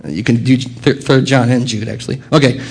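A man preaching a sermon as a pastor, earnest and expressive, dropping quiet and rising with emphasis. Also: mid-range voice, a little fast, creaky, slightly rough.

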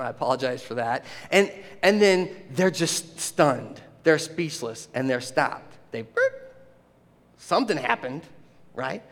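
A man preaching a sermon, animated and often laughing, acting out the voices in the story. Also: on the high side. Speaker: pastor. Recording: long hall reverb.

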